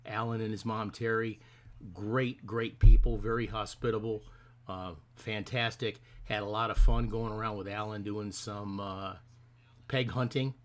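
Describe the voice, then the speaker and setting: A middle-aged man with a somewhat low voice hosts a casual live stream from his desk mic. He rambles in a friendly, easygoing way and greets each viewer by name as they arrive. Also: steady tone, measured pace, fairly bright tone.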